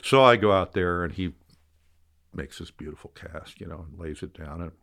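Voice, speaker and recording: A man's voice: sits low, moderate pace, creaky, fairly bright tone. An older man, a fly fisherman, telling rambling, self-mocking anecdotes in a casual interview. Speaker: guest.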